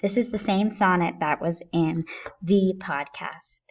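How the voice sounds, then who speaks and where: Slow, patient woman teaching a lesson. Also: lowish voice, muffled recording, slight background noise. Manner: patient, step-by-step explaining. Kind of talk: recorded lesson explaining sonnet structure.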